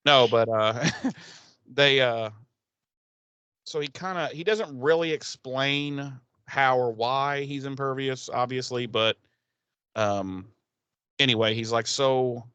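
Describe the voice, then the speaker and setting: A man's voice: medium pitch, takes it slowly, pauses often, pushed and bright, clean tone, dry recording, lo-fi sound. A man co-hosting a podcast, recapping a TV episode in casual chat, rambling and swearing with laughs. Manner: rambling, profane, laughing storyteller. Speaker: podcast co-host.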